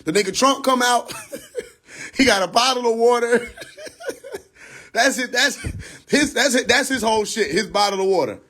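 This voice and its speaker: A man's voice: very high-pitched, moderate pace, pauses often. A man hosting a livestream, ranting casually with heavy profanity and frequent laughter, talking into a phone. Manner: profane, laughs often, animated. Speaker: livestream host.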